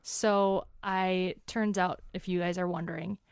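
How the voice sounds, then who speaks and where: A woman's voice: on the low side, flat delivery, measured pace, vocal fry, clean tone, dry recording, studio quality. A woman in her twenties, an interview guest, animatedly telling a chatty story and acting out what people said.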